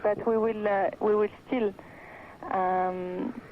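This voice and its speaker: A woman on the line to a talk radio show, speaking in a mid-pitched voice. She is earnest but hesitant and keeps pausing with fillers. Her voice comes through muffled, with faint background noise. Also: flat delivery. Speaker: caller.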